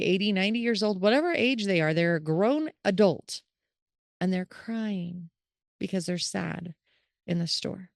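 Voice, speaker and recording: A woman's voice: lowish voice, vocal fry, no room sound, studio quality. A middle-aged woman hosting a caregiving podcast, talking earnestly and acting out the thoughts of the people she describes. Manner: earnest, animated, acts out quoted thoughts. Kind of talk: casual solo podcast talk.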